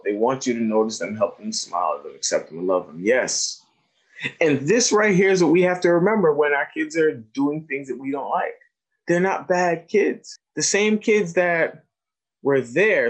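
A man's voice: mid-range voice, rough recording. A man giving a lecture to teachers, telling stories and acting out the dialogue. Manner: animated storyteller acting out dialogue. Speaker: educator giving a talk on trauma.

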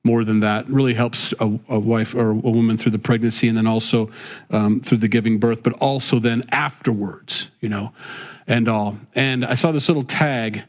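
A man's voice: mid-range voice, fairly even intonation, normal speed. A middle-aged man talking casually and earnestly, rambling with many restarts and drifting into preaching about faith. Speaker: father and faith-based talk host.

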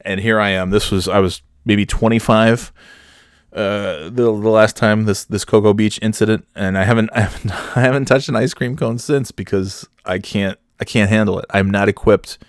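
A man's voice: fairly low pitch, steady tone, normal speed, no echo, studio quality. A man telling a rambling comic story about himself, self-mocking and swearing freely. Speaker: comedian storyteller.

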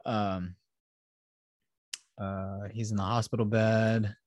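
A man's voice: lowish voice, level tone, slow pace, a little mellow, no room sound, muffled recording. A man hosting a casual podcast, animatedly retelling a film scene by scene, acting out the characters and swearing freely. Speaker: podcast host.

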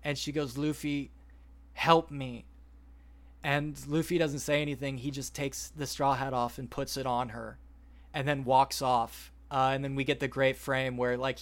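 A man on a podcast, retelling a story at length in a rambling, animated way and quoting the characters as he goes. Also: mid-range voice, moderate pace. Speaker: podcast host. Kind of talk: casual podcast chat, retelling a plot.

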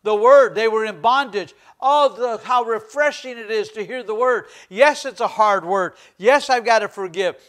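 A man's voice: sits high, normal speed, hardly any pauses, a bit bright. A man preaching a sermon as pastor, fervent and emphatic, repeating phrases for stress.

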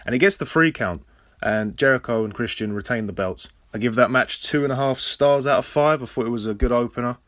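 An English man hosting a casual podcast recap, sarcastic and swearing freely, with sudden loud high outbursts. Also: brisk, no echo, clean studio sound. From England. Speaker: podcast host.

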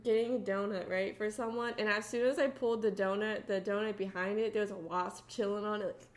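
A woman's voice: medium pitch, fairly even intonation, a little fast. A woman co-hosting a casual comedy podcast, giggly and teasing as she chats. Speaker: podcast co-host.

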